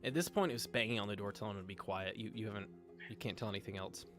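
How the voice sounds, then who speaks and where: Casting: man running a tabletop game, quick and loose, fillers everywhere, soft music underneath. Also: on the low side. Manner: rambling, filler-heavy narration. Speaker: game master.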